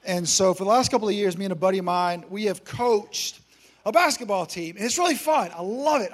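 A man preaching a sermon, telling a story with energy, humor and repeated emphasis. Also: high voice. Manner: energetic, joking, repetitive emphasis.

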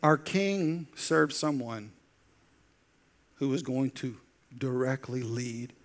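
A man preaching a sermon as pastor, telling the story with lively acted-out quotes and dropping into soft, intense lines. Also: mid-range voice, takes it slowly.

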